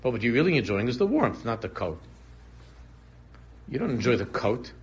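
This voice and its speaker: Husky-voiced man teaching a casual class. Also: mid-range voice, very animated, normal speed. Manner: conversational, repeats phrases, digresses into humorous examples. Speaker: Torah teacher.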